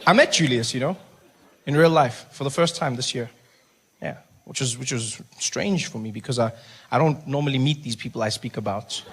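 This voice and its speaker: A man's voice: medium pitch, moderate pace. A man performing stand-up comedy, telling a story with animation and acting out his own inner thoughts. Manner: animated, acts out characters and inner monologue. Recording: live stand-up with audience noise.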